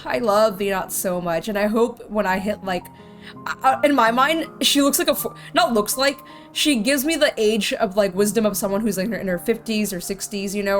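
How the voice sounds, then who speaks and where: A woman streamer giving casual let's-play commentary, rambling and heartfelt with lots of "like". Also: medium pitch. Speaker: game streamer. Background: faint game music.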